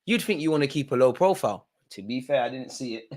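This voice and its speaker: A young man, streaming a live football watchalong, shifting between nervous muttering and loud outbursts at the referee. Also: mid-range voice, fairly quick. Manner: animated, swings from muttering to shouting at the ref. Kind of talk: live match reaction commentary.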